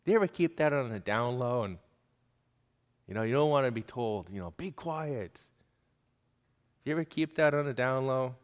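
A man's voice: mid-range voice, lively intonation, fairly quick, clean tone. A male preacher giving an emphatic sermon, pressing his listeners with pointed questions. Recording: long hall reverb.

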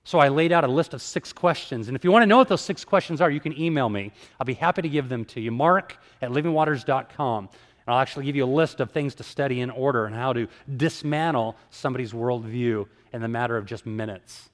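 A man giving a sermon-style talk, telling stories with lively acted-out dialogue. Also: medium pitch, fast, big-room sound. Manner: animated storyteller, acts out dialogue. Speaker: evangelist speaker.

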